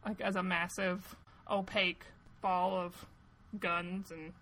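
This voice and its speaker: A woman's voice: fairly low pitch, flat delivery, slow pace, a bit bright, poor audio. A woman in casual film discussion, talking in a hesitant, musing way that trails off. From United States.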